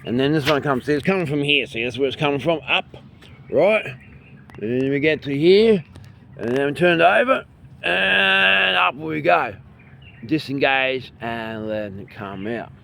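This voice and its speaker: An Australian man leading a qigong and breathing lesson outdoors by a bay, filming on a handheld phone, calm and soft-spoken, his voice sometimes trailing off quietly. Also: mid-range voice, moderate pace, slight background noise. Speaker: qigong and meditation instructor. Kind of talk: guided breathing instruction. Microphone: handheld phone, filming himself.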